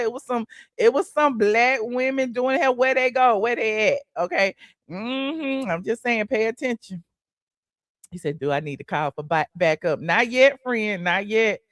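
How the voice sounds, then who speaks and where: A woman's voice: a little high, fairly bright tone, dry recording. A woman hosting a casual celebrity gossip livestream, sassy and chatty, calling the audience honey and child, humming mm-hmm and laughing between points.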